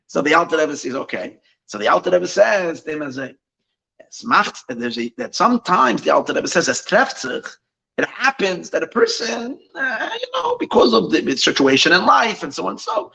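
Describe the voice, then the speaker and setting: Animated, high-voiced male storyteller. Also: normal speed, vocal fry, low-quality recording. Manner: animated, full of restarts, mixes in Yiddish phrases. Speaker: rabbi and storyteller. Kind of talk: Chassidic storytelling at an evening gathering.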